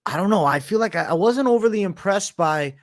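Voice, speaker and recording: A man's voice: sits high, animated, fairly quick, no echo, clean studio sound. Blunt man talking fight picks. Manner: blunt, emphatic, swears casually. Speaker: co-host of a fight betting show. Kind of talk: casual sports betting chat.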